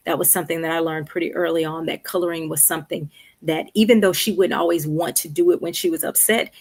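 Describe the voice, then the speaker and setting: Low-voiced woman counselor, conversational. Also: husky. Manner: conversational, checks in with "right?" and "okay". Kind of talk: live-streamed Q&A advice. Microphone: streaming setup.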